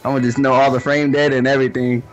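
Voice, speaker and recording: A man with a middle-pitched voice trades jokes on a casual gaming podcast. He mocks himself with an easy, laughing delivery. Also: flat delivery, rapid-fire, lo-fi sound, soft background music. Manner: joking, self-mocking, laughs often.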